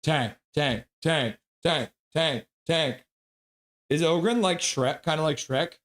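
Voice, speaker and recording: A man hosting a live hockey stream, calling play-by-play and reading chat aloud, excitable and prone to chanting and yelling. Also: a little high, takes it slowly.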